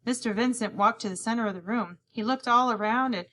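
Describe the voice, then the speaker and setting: A female audiobook narrator with a bright, forceful voice on the high side reads a children's novel at a fairly quick pace. The scripted narration comes in a young boy's first-person voice, and she acts out the lines of each other character.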